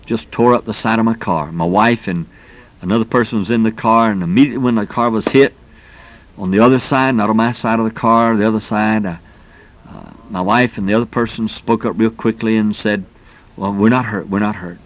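A man's voice: lowish voice, steady tone, brisk. A middle-aged man preaching a sermon in a folksy, emphatic way, peppering his talk with exclamations.

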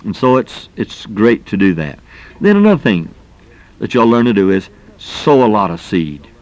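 A man's voice: lowish voice, very animated, normal speed, darkish tone, lo-fi sound. A middle-aged man preaching a sermon in a folksy, emphatic way, peppering his talk with exclamations.

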